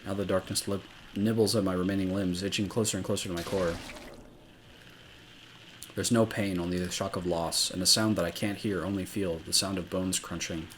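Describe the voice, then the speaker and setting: A man's voice: low-pitched, steady tone, brisk, fairly bright tone, slight background noise. A man streaming a visual novel, reading the narration dramatically and breaking into casual asides.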